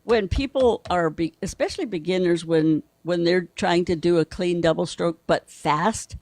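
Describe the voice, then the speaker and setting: A man's voice: high voice, moderate pace, a little mellow. A man from Brazil, a guest drummer, patiently explaining and counting rhythms aloud in a drum lesson.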